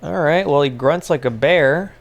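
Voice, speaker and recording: A man's voice: fairly high pitch, normal speed, vocal fry, muffled recording, slight background noise. A man giving casual gameplay commentary, rambling and sarcastic, swearing often. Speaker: gaming video creator.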